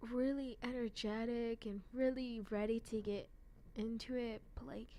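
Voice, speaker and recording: A woman's voice: a little high, steady tone, unhurried, mellow. Giggly rambling young woman. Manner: giggly, rambling, lots of "like" fillers, self-deprecating. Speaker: anime fan vlogger. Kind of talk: casual rambling chat.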